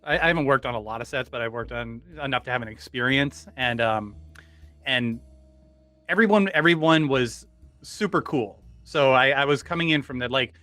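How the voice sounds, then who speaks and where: Man, podcast guest, bright forward voice, dry close sound, rambling anecdotes, lots of restarts. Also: mid-range voice, moderate pace, dry recording, soft background music. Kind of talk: casual anecdote telling.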